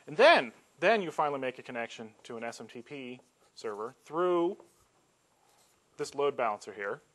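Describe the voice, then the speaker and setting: A man giving a casual technical lecture, relaxed and joking, with frequent ums. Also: medium pitch, normal speed. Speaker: campus IT staff giving a colloquium talk.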